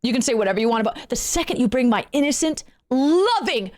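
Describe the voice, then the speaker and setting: High-pitched female streamer, sweary, repetitive, playful-angry delivery. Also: animated, fast, hardly any pauses, darkish tone. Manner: swears, repeats herself, swings between angry and playful. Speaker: VTuber streamer. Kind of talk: live stream rant to chat.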